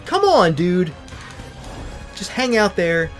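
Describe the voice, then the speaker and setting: A man's voice: high voice, very animated, slow pace, fairly bright tone, soft background music. A man casually commentating a video game with a co-host, playful and sarcastic, sometimes reading game text aloud. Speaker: let's play commentator.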